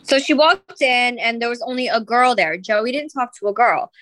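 A woman's voice: fairly high pitch, normal speed, a bit bright, dry recording. A woman co-hosting a podcast, telling a rambling gossipy story full of "like" and "um". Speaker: podcast co-host. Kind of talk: casual chat.

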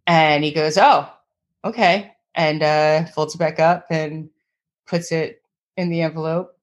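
A woman's voice: low voice, monotone, measured pace, muffled recording. A woman artist in her thirties telling her story in an interview, acting out the people she quotes and laughing often. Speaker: guest artist.

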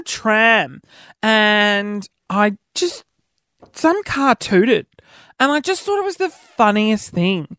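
A man's voice: animated, unhurried, fairly bright tone, no echo, clean studio sound. A man telling everyday stories in a casual, self-mocking monologue, acting out what people said. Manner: chatty, self-mocking, acts out quoted dialogue with pitch jumps.

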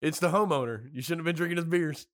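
A man with a somewhat high voice riffs on a film in loose, casual chat. He swears freely and jokes his way through the scenes. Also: quick pace, a bit bright. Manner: profane, joking, acts out quotes. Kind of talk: casual movie discussion.

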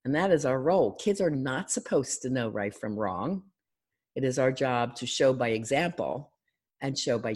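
A middle-aged woman from Philadelphia talks as a coach and counselor on a podcast. Her delivery is energetic and instructive. She slips into other people's voices to make a point. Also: a bass voice, husky. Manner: energetic, teacherly, acts out clients' voices. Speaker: life and love coach, counselor. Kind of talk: guest on an interview podcast.

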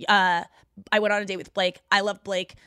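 A woman's voice: medium pitch, level tone, sharp tone, smooth, no room sound, clean studio sound. A woman hosting a podcast, chatting in a gossipy, rambling way and recapping a reality show. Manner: gossipy, fast, uses 'like' a lot. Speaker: podcast host. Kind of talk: casual chat recap.

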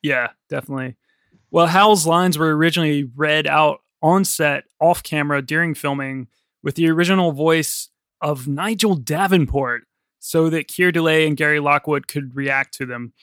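Man host, casual film chat, higher voice, dry close sound, laughs a lot. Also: normal speed, a bit bright, no echo. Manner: chatty, laughs often, swears casually. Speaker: podcast host.

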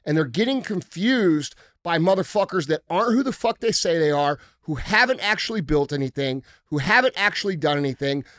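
A man's voice: on the high side, expressive, a little fast, few pauses, a bit bright, no room sound, studio quality. A man hosting a podcast in casual talk, ranting bluntly and heatedly with plenty of swearing. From United States. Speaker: podcast host.

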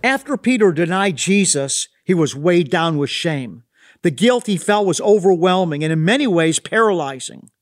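A man with a notably high voice reading a devotional reflection. His tone is earnest and thoughtful, like a short read sermon. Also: expressive, normal speed. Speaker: devotional host.

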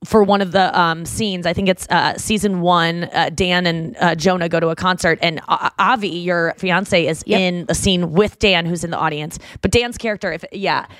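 A woman's voice: lowish voice, steady tone, moderate pace, hardly any pauses, fairly bright tone, dry recording. Rambling woman podcast host, dry close sound. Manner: rambling, many fillers and restarts, acts out movie lines. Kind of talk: casual chat.

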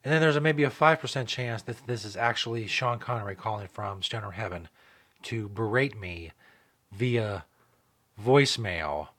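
A man's voice: fairly low pitch, normal speed, a bit bright. Laid-back profane male radio host. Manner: loose, profane and rambling. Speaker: show host. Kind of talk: casual podcast radio talk.

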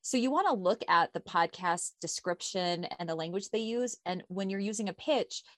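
Chatty american lady hosting a podcast, upbeat and loud, dry sound. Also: lowish voice, normal speed, no room sound. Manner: lively, talkative, self-described loud extrovert. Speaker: podcast host. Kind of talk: casual podcast chat, teaching pitching.

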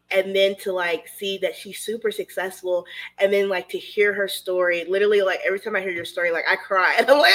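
A woman's voice: medium pitch, fairly bright tone. Woman podcast host, effusive and heartfelt, chatty with constant fillers. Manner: gushing, emotional, heavy filler "like". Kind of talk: casual interview chat.

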